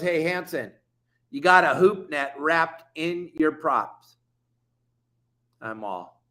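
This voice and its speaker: A man hosting a fishing show, telling a story with excitable, slangy exaggeration and a Californian accent. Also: fairly high pitch. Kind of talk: animated storytelling.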